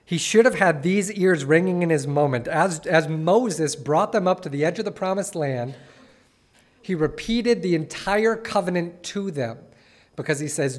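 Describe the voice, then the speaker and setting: A man's voice: a little high, measured pace. A man preaching a sermon, reading scripture with feeling and breaking into conversational asides. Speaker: pastor.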